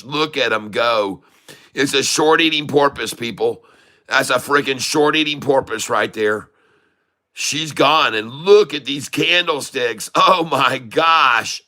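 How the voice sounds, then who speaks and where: A man giving excited live commentary on a stock chart, full of folksy slang and exclamations. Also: mid-range voice, clean tone. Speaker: day-trading streamer.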